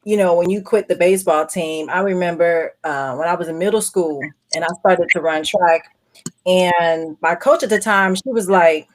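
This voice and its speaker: A woman's voice: lowish voice, normal speed, slight background noise. A woman hosting a podcast, chatting casually and telling a story of her own while acting out the voices in it. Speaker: podcast host.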